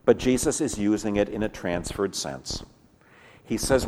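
A man preaching a sermon in earnest, swinging from lively emphasis to hushed, low passages. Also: unhurried, in a large hall. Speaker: pastor.

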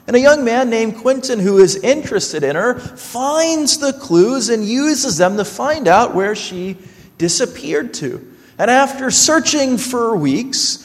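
High-voiced, slow-preaching man. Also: in a large hall. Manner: earnest storytelling with quoted dialogue. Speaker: pastor. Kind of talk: sermon.

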